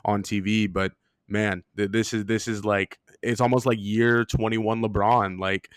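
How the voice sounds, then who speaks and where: Smooth-voiced man in excited sports chat. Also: fairly low pitch, measured pace, dry recording. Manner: enthusiastic, filler-heavy, laughs often. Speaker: podcast co-host. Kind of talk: casual sports podcast chat.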